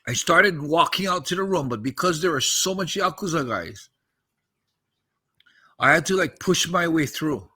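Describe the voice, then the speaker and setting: A man's voice: a little high, expressive, normal speed, pushed and bright, husky. A man in his fifties on a podcast, casually recounting a story, acting out the quoted dialogue and swearing freely.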